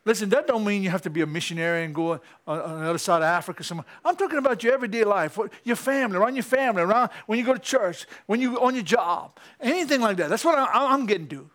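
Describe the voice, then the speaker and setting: High-voiced excitable male preacher. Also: rapid-fire, few pauses. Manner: animated, rising to excited peaks with chuckles. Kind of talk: sermon. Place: church.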